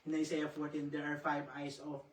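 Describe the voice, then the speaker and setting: A woman's voice: sits low, monotone, a little fast. A woman with a Filipino accent leading a Bible study in an earnest, conversational way, reading scripture aloud with many asides. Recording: echoey room, voice far from the mic, faint noise.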